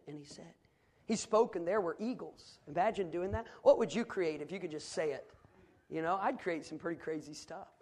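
A pastor from the northern United States preaching a sermon, building to loud climaxes and dropping to quiet asides. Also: male voice, extremely high pitch. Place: church sanctuary.

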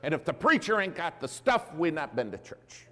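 A man's voice: fairly high pitch, sing-song, normal speed, a bit bright, in a large hall, pitched above the performer's own voice. A preacher voicing a blunt, teasing older churchwoman who talks in a bossy, folksy way.

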